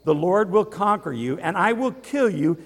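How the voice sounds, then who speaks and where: A man's voice: high voice, slow pace, fairly bright tone, pitched above the performer's own voice. A man voicing the young shepherd David, defiant and emphatic, declaiming. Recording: reverberant hall.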